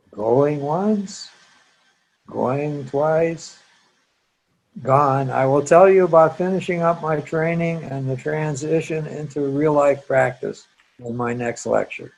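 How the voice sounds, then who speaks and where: An older man, a psychologist, giving a measured, thoughtful talk in a reflective lecture style. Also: on the high side, creaky, darkish tone, rough recording.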